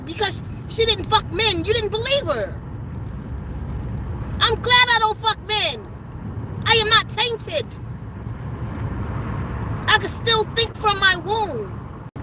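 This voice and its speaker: A woman's voice: very high voice, noisy background. A woman, delivering an emphatic, profane, preachy spiritual rant straight to camera. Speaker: channel host giving a spiritual message.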